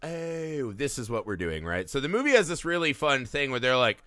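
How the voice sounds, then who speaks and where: A man's voice: mid-range voice, very animated, brisk, bright, forceful tone, dry recording. A man co-hosting a podcast, chatting casually and animatedly about a movie, swearing and mocking scenes. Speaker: podcast co-host. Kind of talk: casual movie-review chat.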